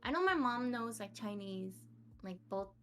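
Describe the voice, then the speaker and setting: A woman's voice: fairly high pitch, lively intonation, moderate pace, fairly bright tone. A young woman from the United States, a podcast guest chatting casually about her life, laughing often and poking fun at herself. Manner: giggly, laughs often, self-mocking. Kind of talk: casual interview chat.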